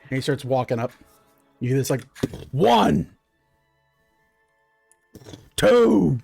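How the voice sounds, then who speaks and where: A man's voice: medium pitch, level tone, fast, a little mellow, no room sound, faint music behind. A man running a tabletop game as game master, narrating in a loose, chatty way with lots of fillers.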